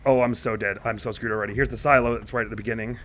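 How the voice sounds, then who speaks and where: Male let's-play host, bright tone, rambling nervous horror commentary, panicky mumbles under stress. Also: fairly low pitch, steady tone, racing. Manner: rambling and self-mocking, jittery with nervous asides. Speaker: gaming channel host.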